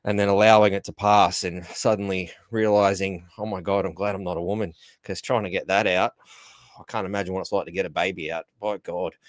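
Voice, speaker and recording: A rambling Australian man hosting a casual solo podcast, with a fairly low voice recorded close and dry. He trips over his words, repeats himself and chuckles at his own jokes as he goes. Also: no echo. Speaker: podcast host.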